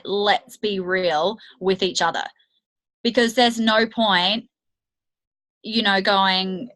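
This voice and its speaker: A woman's voice: medium pitch, sharp tone, low-quality recording. A woman coaching her team on a video call, talking candidly and chattily with many fillers. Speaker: network marketing coach. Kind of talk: motivational team training call.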